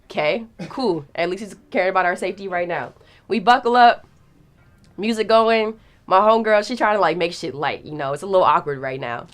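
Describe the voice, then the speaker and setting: With soft music behind her, a young woman speaks a little fast in a lowish voice. As a guest storyteller, she's animated and full of slang, jumping sharply in tone whenever she acts out what someone said.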